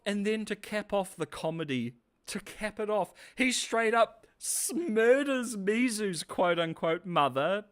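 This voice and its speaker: A man's voice: sits high, lively intonation, slow pace, smooth. A man giving a casual, sarcastic video review, often laughing, swearing and calling people bro. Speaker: show reviewer.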